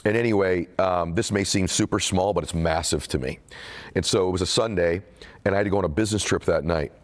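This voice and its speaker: A man with a low, deep voice speaks candidly in a relaxed conversational interview. He tells a personal story earnestly, turning reflective and emotional as he goes. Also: quick pace. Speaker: author being interviewed.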